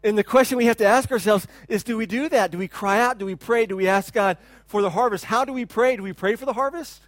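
A man in his thirties preaching a sermon, his voice sitting high for a man and sounding close and dry with little room around it. He talks loosely, repeats himself, and swings into loud, animated bursts. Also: fast talker, no echo. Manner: animated preaching, shouts to imitate a crying child; repeats words and restarts, conversational. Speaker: pastor. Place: church hall.

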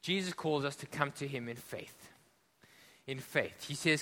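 A man from Africa preaches with a fairly high, forceful voice that lands hard on key words and then sinks almost to a hush. He keeps putting questions to the congregation. The sound carries a long reverb, as in a large echoing church hall. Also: expressive, moderate pace. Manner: impassioned, swinging between loud emphasis and hushed drops. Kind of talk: sermon.

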